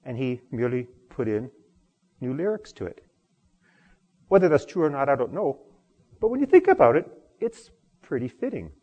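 Pastor, male, husky and lively sermon delivery, church hall reverb. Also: mid-range voice, normal speed, pauses often. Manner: expressive, swings from loud emphasis to quiet.

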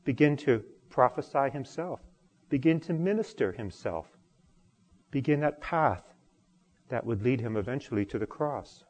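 A man preaching a sermon as pastor, expressive, swinging from loud emphasis to quiet. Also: medium pitch, unhurried, big-room sound.

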